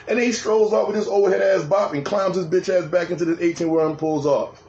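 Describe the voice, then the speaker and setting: A man's voice: high-pitched, fast talker, darkish tone. A man co-hosting a podcast, telling a profane story in casual chat and acting out other people's lines. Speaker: podcast co-host. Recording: roomy, dull lo-fi sound with faint hiss.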